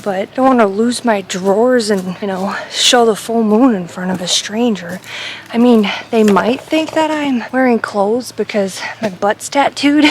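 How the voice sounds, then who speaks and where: A woman's voice: fairly high pitch, a little hiss or hum, poor audio. A woman vlogging while walking alone in a forest, chatting and joking in a rambling way, a little out of breath. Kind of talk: casual chat while hiking. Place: forest outdoors.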